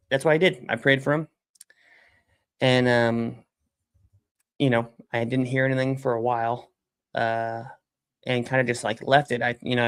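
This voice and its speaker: A man's voice: medium pitch, a bit bright, clear, resonant tone. A man hosting a casual livestream, chatting while he works at his computer, rambling with lots of fillers and casual swearing. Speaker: software company founder and livestream host. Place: at a computer desk, typing during a livestream.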